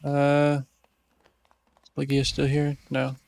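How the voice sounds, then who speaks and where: A man's voice: fairly high pitch, monotone, slow, vocal fry, a little mellow. A man giving casual, joking commentary while playing a story game. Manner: offhand, joking asides over game dialogue. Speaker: gaming channel host. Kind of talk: casual let's-play commentary.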